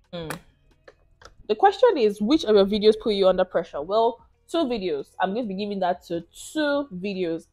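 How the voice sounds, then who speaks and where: A woman's voice: medium pitch, warm tone. A young woman with a Nigerian accent, chatting casually to viewers in a question-and-answer vlog and laughing often. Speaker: YouTuber.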